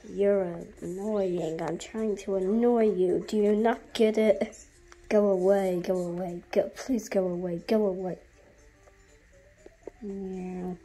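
Slow, silly teasing woman streamer. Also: mid-range voice, fairly even intonation, warm tone, soft background music. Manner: silly, contrary, sing-song and teasing. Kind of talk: playful game commentary.

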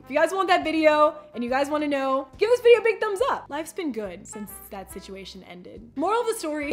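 A young woman telling a casual storytime vlog, chatty and animated, acting out quoted texts and peppering her talk with "like". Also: a little high.

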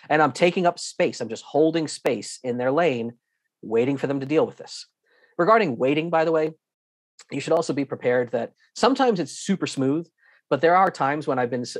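A man's voice: fairly high pitch, brisk, no echo, studio quality. Emphatic man teaching practical travel tips. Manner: lively storytelling, acting out airline staff in quoted voices. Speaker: guest instructor. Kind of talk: online presentation with slides.

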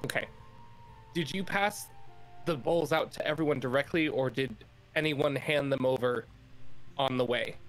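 A man's voice: mid-range voice, normal speed, pauses often, faint music behind, rough recording. A man playing a tabletop game, asking careful questions. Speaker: player.

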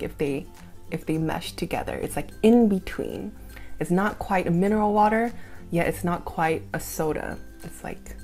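A young woman in her twenties, a food vlogger with a dark-toned, mid-range voice, chats casually through a taste-test video. She thinks aloud as she goes, using plenty of fillers.

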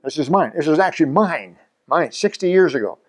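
A man's voice: fairly high pitch, lively intonation, a little fast. A man in his seventies from Canada, a scuba instructor hosting his own channel, talking casually to the camera in a chatty, self-mocking way with chuckles between points. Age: 70s.

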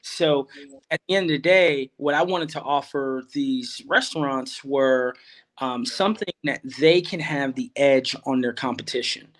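A man's voice: mid-range voice, a little slow. A middle-aged man, a farmer guest, telling a long story in a rambling way, full of fillers and restarts, livening up when he quotes other people. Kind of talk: conversational storytelling.

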